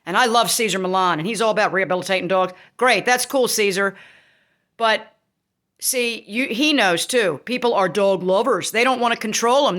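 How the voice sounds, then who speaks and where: A woman ranting angrily and emphatically to her audience, swearing freely and breaking into sudden shouts. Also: mid-range voice, normal speed. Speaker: vlogger. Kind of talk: angry rant to camera.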